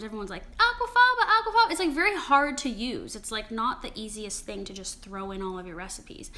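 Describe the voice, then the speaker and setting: Young woman doing a live q&a, super casual, swears a lot, kinda high bright voice. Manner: casual, swears freely, chatty with lots of "like". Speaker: cookbook author and vegan food channel host. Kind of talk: live stream Q&A chat.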